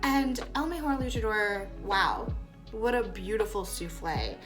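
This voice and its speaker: A woman's voice: mid-range voice, lively intonation, unhurried. A woman judging the show's challenges, giving earnest and amused praise in casual commentary. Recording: music playing loudly behind.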